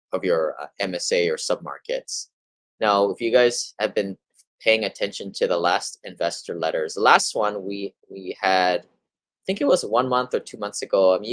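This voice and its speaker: A man's voice: low voice, no echo, poor audio. A man hosting a monthly real estate market update, talking casually and rambling a little, with fillers and restarts as he sums up articles. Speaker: real estate investing host.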